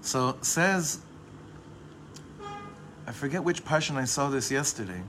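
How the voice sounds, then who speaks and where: A man teaching a casual religious class in a voice of ordinary middle pitch. He wanders from thought to thought, cuts himself off, and circles back to lean on a key phrase slowly. A faint hiss of noise sits under the voice. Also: lively intonation, a bit bright. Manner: discursive, often restarts and corrects himself; leans on a phrase by repeating it slowly. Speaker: Torah teacher. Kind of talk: informal Torah class.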